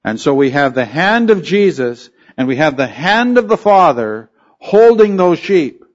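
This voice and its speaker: A man preaching an expository sermon, emphatic and deliberate, often asking rhetorical questions as he teaches. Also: on the high side, lo-fi sound. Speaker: pastor.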